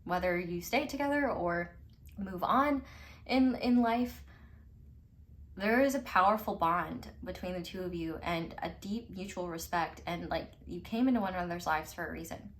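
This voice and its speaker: A woman with a lowish voice and moderate pace reads tarot in a casual pick-a-card format. She talks emphatically and chattily, peppers it with "like" and casual swearing, and laughs frequently between remarks.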